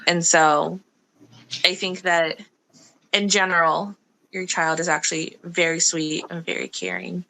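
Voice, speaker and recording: Woman, low pitch, bright tone, earnest, casual chat. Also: little pitch movement, measured pace, vocal fry, rough recording.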